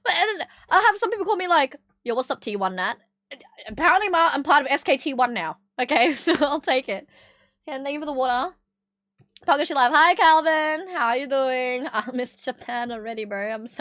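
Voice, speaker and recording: An Australian woman chats with her live-stream viewers in a casual, rambling way, with plenty of swearing and laughter. Her voice sits high, and the sound is dry and close with no room echo. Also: a bit bright. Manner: swears freely, chatty, laughs often.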